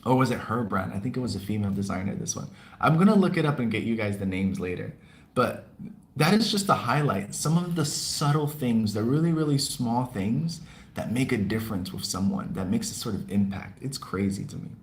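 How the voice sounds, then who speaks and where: A man's voice: mid-range voice, lively intonation, fairly quick, slight background noise. A casual male podcast host talking to his livestream audience in a mid-range voice. He rambles a little, laughs often and reads out viewers' comments as he talks.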